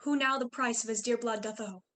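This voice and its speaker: A woman's voice: fairly high pitch, fairly even intonation, fairly quick, a bit bright, close to an everyday voice. Woman playing a stern, commanding prince. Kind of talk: virtual staged reading.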